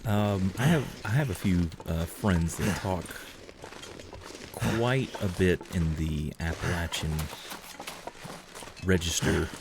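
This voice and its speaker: A laid-back man from Georgia talks through his livestream, answering viewers as he plays. His voice sits low and unhurried. A faint background hiss runs under his easy, rambling chat. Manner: relaxed, chatty, reads and answers chat. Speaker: livestream gamer. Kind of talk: casual chat while gaming.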